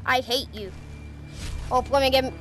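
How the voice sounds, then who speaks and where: A woman giving casual commentary while playing a VR sword game, excitable and prone to sudden yelps. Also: high voice, normal speed. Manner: excitable, bursts of yelps and exclamations. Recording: game music playing behind the voice. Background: game music.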